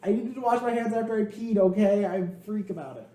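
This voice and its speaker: A man's voice: high voice, a little fast, echoey room, very noisy. A young man co-hosting a podcast, telling a story in a rambling, exasperated way with many fillers. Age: young adult. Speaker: podcast co-host. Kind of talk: casual storytelling chat.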